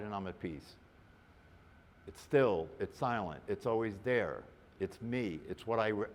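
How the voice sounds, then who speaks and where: A man in a middle-pitched voice teaches meditation in a reflective way. He often checks in with his listeners by tagging a questioning "right?" onto his points. His voice carries a long, trailing reverb, as if it were recorded in a large hall. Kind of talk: spiritual teaching talk.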